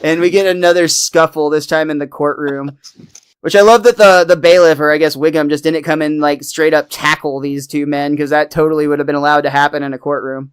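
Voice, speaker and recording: A man hosts a podcast and walks through a cartoon episode in casual chat. His voice is smooth and clear. He laughs easily between points. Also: fairly high pitch, fairly even intonation, fairly quick. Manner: recaps episode plot, laughs often. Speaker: podcast host.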